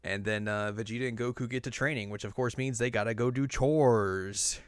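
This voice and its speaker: A young man hosting a casual podcast, recapping an anime episode and acting out the characters in high, silly voices. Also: steady tone, normal speed, smooth, no room sound, clean studio sound. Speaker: podcast host.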